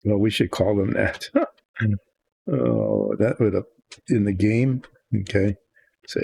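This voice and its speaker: A man's voice: lowish voice, slow pace, vocal fry, pauses often, warm tone, slightly rough, dry recording. An older man hosting a miniature painting video, chatting casually and thinking aloud in a meandering, self-deprecating way. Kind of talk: casual rambling chat while painting.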